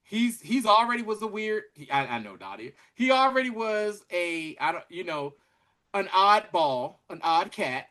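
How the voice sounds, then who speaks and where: A man co-hosting a podcast, chatting casually as he recaps a TV episode in an animated, slangy storytelling way. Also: high voice, moderate pace. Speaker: podcast co-host.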